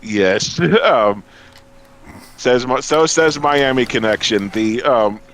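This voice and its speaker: A man's voice: medium pitch, takes it slowly, fairly bright tone, a little hiss or hum. A man playing an online game with friends, exasperated and swearing freely as he talks. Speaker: gamer in a co-op group. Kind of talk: casual gaming voice chat.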